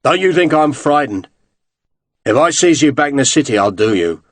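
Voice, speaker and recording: A man voicing a big, rough working-class servant who talks bluntly and coarsely. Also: mid-range voice, very animated, moderate pace, dry recording. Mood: gruff.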